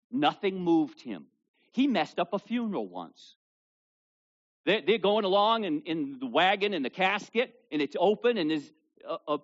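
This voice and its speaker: Lively preacher man, lo-fi sound. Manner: animated, rises loudly for scripture, drops low for asides. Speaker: pastor. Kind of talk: sermon. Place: church service with children present.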